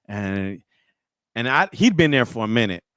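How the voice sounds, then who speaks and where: A man's voice: mid-range voice, normal speed, dry recording. A middle-aged man, a radio and music industry guest, telling stories in a casual interview and often repeating and restarting his words. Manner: animated, repeats and restarts words when excited.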